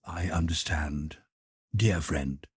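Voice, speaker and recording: A man's voice: extremely low pitch, takes it slowly, breathy edge, no room sound, studio quality, pitched below the performer's own voice, heavily acted. A man voicing a pious, ecstatic older countess who consoles in a fervent, preaching manner. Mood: consoling. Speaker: character in audiobook.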